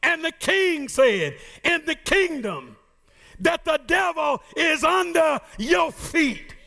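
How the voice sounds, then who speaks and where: A man preaching a sermon as pastor, shouting and half singing his lines with playful asides to the congregation. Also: extremely high pitch, sing-song, takes it slowly, creaky.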